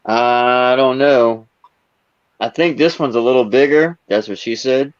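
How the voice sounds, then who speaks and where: A man on a live stream who speaks in a matter-of-fact, unhurried way. The recording is dry and close, with a dull lo-fi tone. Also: medium pitch, smooth, no echo. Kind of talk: casual live-stream chat.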